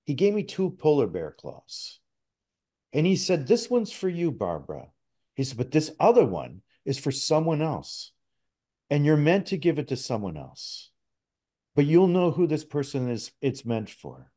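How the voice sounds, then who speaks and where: A man's voice: on the high side, huge pitch swings, unhurried, mellow. A middle-aged man from Canada, a podcast guest telling a personal story in a casual, earnest way with frequent restarts. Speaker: podcast guest, spirit talker.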